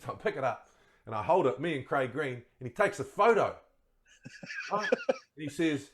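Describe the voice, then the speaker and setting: Relaxed New man telling stories. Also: a little high, moderate pace, pauses often, slight background noise. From New Zealand. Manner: relaxed yarn-spinning, laughing at his own stories. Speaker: guest, former rugby player. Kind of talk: casual storytelling chat.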